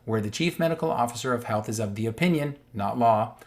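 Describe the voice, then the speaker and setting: A man's voice: medium pitch, quick pace. Emphatic man walking through a legal text. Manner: emphatic and repetitive, stressing key words; reads passages aloud, then restates them plainly. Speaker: online commentator. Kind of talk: explaining a legal document while scrolling on screen.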